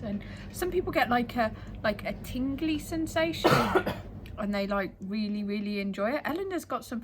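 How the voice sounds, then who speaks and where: A woman's voice: on the high side, big pitch swings, moderate pace, noisy background. A woman getting her nails done at home, chatting and rambling through long, loose explanations. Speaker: client, the host's sister. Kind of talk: casual chat.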